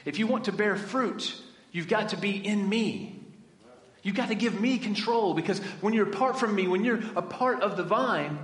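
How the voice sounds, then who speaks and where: Man, youth minister, sermon, fairly high voice, echoey church hall with long reverb. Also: moderate pace, a bit bright. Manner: conversational, asks the audience questions.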